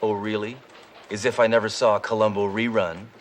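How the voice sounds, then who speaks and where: An actor playing a cocky, dimwitted police detective who talks in a gruff, blunt, deadpan way. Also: male voice, fairly low pitch, a little fast, slight background noise, close to an everyday voice. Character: tough, cocky, dimwitted male cop.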